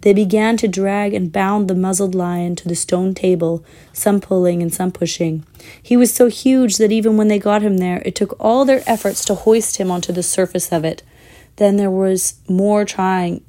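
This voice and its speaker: A woman reading a children's fantasy book aloud in a measured, expressive way, with the odd slip. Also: mid-range voice. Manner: measured, expressive, with small slips. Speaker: storyteller.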